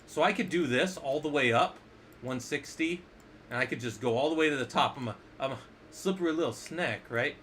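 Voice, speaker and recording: A man's voice: on the high side, brisk, fairly bright tone, slight background noise. A man teaching a casual screen-share lesson as an instructor, playful and jokey, often asking the viewers questions.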